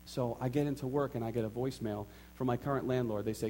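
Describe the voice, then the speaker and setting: A man preaching a sermon, telling a personal story with animated acted-out quotes and repeated phrases for emphasis. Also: medium pitch, quick pace, few pauses, a little hiss or hum. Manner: animated storytelling, acts out his own and others' quotes. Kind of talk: sermon testimony.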